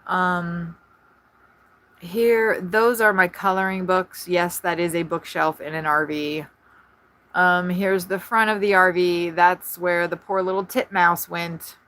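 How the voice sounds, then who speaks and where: A woman talks fast and scattered, hopping between thoughts while she streams from her RV. Her voice sits a little low, and it comes through a phone set on a tripod in a small camper. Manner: fast, scattered, excitable chatter. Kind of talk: casual live-stream chat. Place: inside an RV at a campground.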